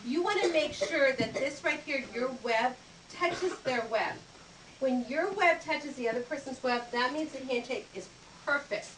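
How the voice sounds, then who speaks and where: In a library program room, a high-voiced woman who teaches etiquette shows a group of children their manners, acting out greetings and handshakes. Her delivery is unhurried, a bit bright, and upbeat in a teacherly way. The recording is echoey, with a distant mic and background noise.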